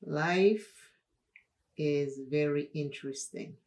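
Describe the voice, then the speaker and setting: A woman from Dominica, hosting a makeup tutorial and telling a personal story in an unhurried, chatty way. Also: low voice, darkish tone. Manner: unhurried, chatty, laughs while telling stories. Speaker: makeup channel host.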